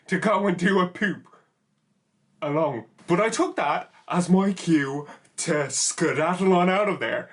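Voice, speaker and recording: A young man telling a funny personal story in an animated, exaggerated comic way. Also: high voice, unhurried. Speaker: YouTuber. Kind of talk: comedic story time.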